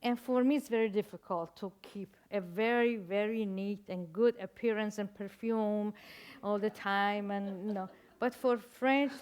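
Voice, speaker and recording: An older woman from Iran, a native Persian speaker with a Persian accent, tells stories as a guest author in a reflective interview. She halts and searches for words with wry humor, her voice at a medium pitch with a clean tone.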